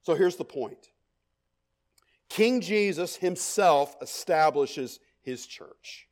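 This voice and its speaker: A man's voice: fairly high pitch, expressive, slow, a little mellow. A middle-aged man preaching a sermon, stressing his points, repeating key phrases and checking in with the congregation. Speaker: pastor.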